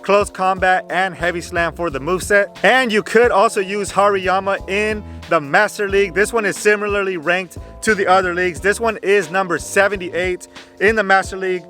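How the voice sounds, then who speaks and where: Bright-voiced man giving game tips. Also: high voice, normal speed, soft background music. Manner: chatty, repeats "go ahead", frequent "uh" fillers. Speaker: gaming channel host. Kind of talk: casual game guide commentary.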